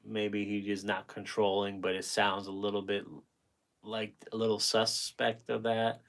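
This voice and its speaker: A man in his forties with a somewhat low voice, chatting casually on a livestream. He reads viewer comments out loud and answers them with frank, rambling advice. He swears freely and often breaks off mid-thought to start over. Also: level tone, unhurried, gravelly. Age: 40s. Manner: blunt, rambling, swears freely, self-interrupting; gives frank dating advice to viewers by name. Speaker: painting livestream host.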